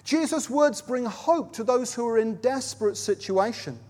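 High-voiced preacher in a hall. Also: male voice, lively intonation, moderate pace. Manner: storytelling, dramatic quoting with shifts in loudness. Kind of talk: sermon at a baptism service. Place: large venue with a platform. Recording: long reverb of a large hall.

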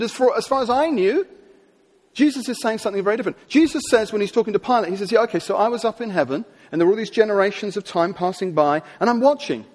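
A man delivers a sermon in a fairly high voice, storytelling with emphatic phrasing and drawn-out dramatic pauses. His words ring with a long hall reverb. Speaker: preacher.

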